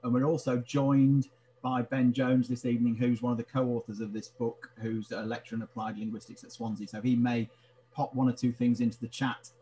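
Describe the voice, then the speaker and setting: A man's voice: mid-range voice, level tone, fairly quick, dark tone. Polite British man hosting with many fillers. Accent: British English. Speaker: interviewer, library sound archive curator. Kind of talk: hosting an online book talk.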